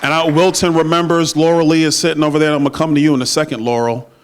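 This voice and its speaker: A man's voice: a little high, flat delivery, very fast, slight background noise. Emphatic man giving a rally speech. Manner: emphatic rally oratory with jokes and crowd banter. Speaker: political speaker at a party dinner. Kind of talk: campaign stump speech. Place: banquet room. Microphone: handheld microphone.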